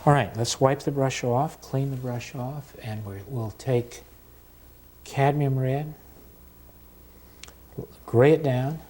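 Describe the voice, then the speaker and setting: Man, painting teacher, slow unhurried delivery, middle pitch, calm demonstration voice. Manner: slow, unhurried and calm, with pauses while working. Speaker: painting instructor.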